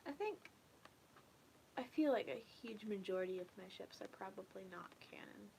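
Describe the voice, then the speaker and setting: Young woman, casual soft chat, rambling, slips into whispers, faint background noise. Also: medium pitch, normal speed, gravelly. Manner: relaxed, rambling, often trails off into a whisper. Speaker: ASMR streamer chatting with viewers.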